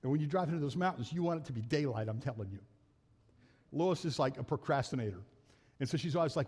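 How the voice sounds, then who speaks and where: A middle-aged man, a pastor, preaching a sermon in a folksy way, rising to loud emphatic peaks and dropping back to asides. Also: medium pitch, expressive, quick pace, breathy edge. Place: church sanctuary. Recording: long reverb of a church hall.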